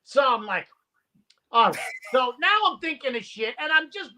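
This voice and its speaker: A man, a comedian, telling animated, profane stories in casual chat and acting out the people in them. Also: extremely high pitch, normal speed.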